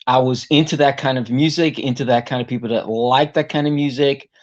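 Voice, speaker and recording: A man's voice: medium pitch, steady tone, a little fast, dull audio. A man, a singer, talking as a guest in a casual interview and telling a long story that rambles and is full of "you know" fillers. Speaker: guest vocalist.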